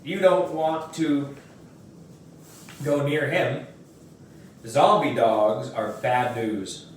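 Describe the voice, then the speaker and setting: A man's voice: mid-range voice, drawn-out words, slight background noise. A man voicing a sneaky, teasing schoolboy bully in a storybook reading, recorded in an echoey room from far off. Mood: taunting. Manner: whispery, teasing. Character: sneaky taunting boy bully.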